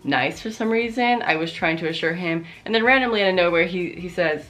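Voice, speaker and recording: A young woman with a notably low-pitched voice recounts a story vlog-style, swearing freely and adding sarcastic asides. Faint music plays softly underneath. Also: brisk. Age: young adult. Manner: profane, sarcastic, animated retelling. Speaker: vlogger.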